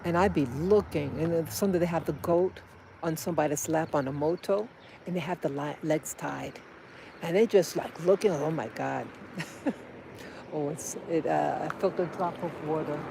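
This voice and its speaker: A woman's voice: sits low, normal speed, gravelly, mellow, slight background noise. A woman vlogging on a walk outdoors, rambling and emotional as she talks to her little boy. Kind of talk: casual walking vlog. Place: outdoors on a street.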